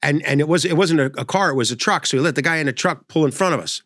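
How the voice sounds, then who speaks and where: A man's voice: a little high, rapid-fire, fairly bright tone, no echo, clean studio sound. An older man hosting a comedy show, telling rambling stories that interrupt themselves. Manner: rambling, self-interrupting storyteller. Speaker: comedy host. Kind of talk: storytelling comedy monologue.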